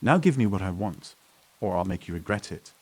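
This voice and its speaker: A rude, bullying customer who sneers out threats in a deep, low voice, as a male narrator reads him. He sounds contemptuous and menacing, a villain from a spoken horror story. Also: expressive, a little fast, husky, no room sound.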